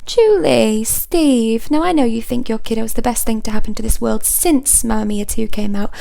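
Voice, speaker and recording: A woman's voice: on the high side, moderate pace, gravelly, mellow. A woman playing a brash middle-aged hotline auntie, who coos sweetly at callers and then tears into rude customers with elaborate insults. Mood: scolding. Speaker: hotline operator. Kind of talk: comedy sketch character monologue.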